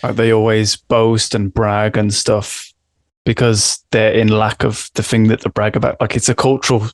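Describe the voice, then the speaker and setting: A man presenting a prepared film analysis in a measured, reflective way. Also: fairly low pitch, level tone, dry recording.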